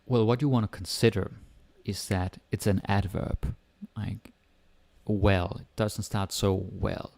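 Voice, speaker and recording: A Danish-accented man with a low, gravelly voice walks learners through a language lesson at an easy pace. His explanations come step by step, and he drops into Danish words and phrases as he goes. The sound is dry and close, with no room echo. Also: slow pace. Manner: relaxed, explains step by step, switches between English and Danish.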